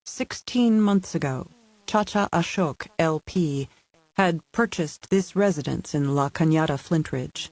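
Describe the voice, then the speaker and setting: A man's voice: on the high side, a little mellow, dry recording. Man narrating a thriller audiobook. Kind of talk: scripted narration.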